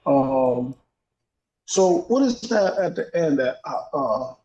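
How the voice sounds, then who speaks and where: A man's voice: mid-range voice, big pitch swings, takes it slowly, dark tone. A man calling into a stream, asking hesitant questions in a casual way. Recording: dull, echoey line.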